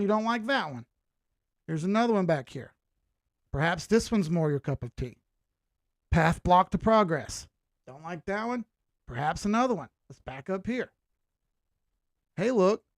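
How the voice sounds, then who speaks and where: A man's voice: high-pitched, expressive, measured pace, long pauses, no echo. Chatty man teaching chart analysis. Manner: casual, chatty, full of rhetorical questions and jokes. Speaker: crypto chart analyst, stream host. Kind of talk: live-streamed chart lesson.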